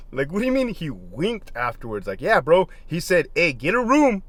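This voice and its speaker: A man's voice: fairly high pitch, dry recording. A middle-aged former prison lieutenant telling stories in a casual, profane way, laughing often as he goes. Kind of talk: casual storytelling monologue.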